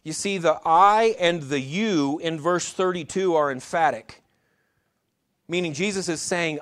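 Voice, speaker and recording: Pastor, male, slightly higher-pitched voice, earnest sermon delivery with frequent restarts. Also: a little slow, a bit bright. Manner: earnest preaching with frequent restarts, addresses congregation directly.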